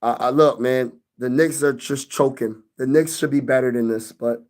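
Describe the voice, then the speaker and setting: A man's voice: medium pitch, fairly even intonation, normal speed, a little mellow. A young man hosting a sports live stream, venting loosely in slang and talking back to his chat.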